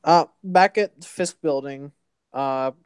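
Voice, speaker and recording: A man hosting a casual comic book recap, rambling along with halting restarts and fillers. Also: a little high, clean tone, dry recording, studio quality. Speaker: host.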